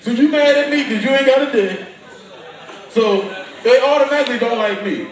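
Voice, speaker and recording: A woman's voice: high voice, brisk, recorded from a distance, slight background noise. A woman doing a brash, profane stand-up comedy set. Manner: loud, brash, swearing. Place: comedy club stage. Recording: echoey club recorded from afar, crowd laughing.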